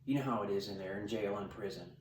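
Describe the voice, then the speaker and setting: The recording is roomy, with a distant mic and slight background noise, as a middle-aged corrections sergeant talks fast in a lowish, slightly mellow voice. He gives the camera blunt, emphatic, tough-talking training advice.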